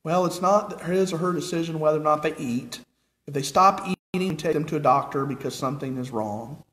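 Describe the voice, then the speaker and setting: A man's voice: on the high side, a little fast, fairly bright tone. An American man preaching a sermon in an earnest way, asking the congregation repeated questions. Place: church sanctuary with nearly empty pews. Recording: echoey church hall.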